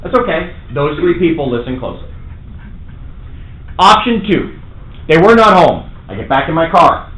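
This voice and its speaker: A man's voice: fairly high pitch, sing-song, normal speed, pauses often, a bit bright. A man with a New York accent giving a brash, punchy seminar talk to a live audience, acting out his own sales calls. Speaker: real estate trainer. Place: large meeting room. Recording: echoey room, faint noise.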